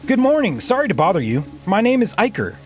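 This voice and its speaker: A man's voice: sits high, huge pitch swings, quick pace, faint music behind. Playful man streaming a game. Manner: playful, jokey. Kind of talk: live game playthrough, reading dialogue aloud.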